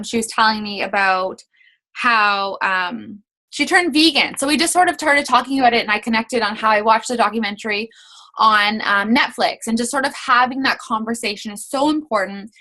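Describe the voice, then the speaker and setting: A woman's voice: on the high side, fairly quick, bright, forceful tone. A young woman coaching her sales team in a casual, chatty way, with many fillers, acting out sample messages.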